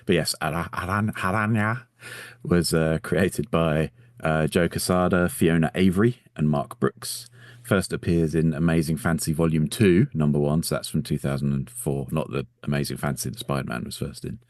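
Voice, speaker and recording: Very deep-voiced man, dry close sound. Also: steady tone, normal speed, no echo. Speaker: podcast co-host. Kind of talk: casual comedic chat.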